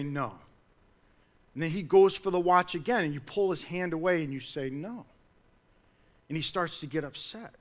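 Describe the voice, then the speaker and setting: In an earnest sermon, a man's preaching climbs to loud, forceful high points and then sinks back down low.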